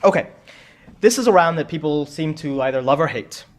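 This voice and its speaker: A man with a somewhat high voice hosts a quiz for a room full of people. He is chatty and jokey, doubling back on his words as he goes. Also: expressive, fairly quick. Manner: joking, chatty, repeats himself. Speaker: quiz host. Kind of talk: live conference pub quiz hosting. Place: conference room with audience.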